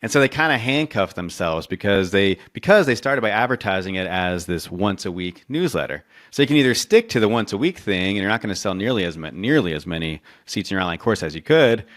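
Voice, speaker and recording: Animated, low-voiced man telling stories. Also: a little fast, few pauses. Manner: animated, many restarts, acts out quotes. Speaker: marketing consultant guest. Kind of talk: casual interview storytelling.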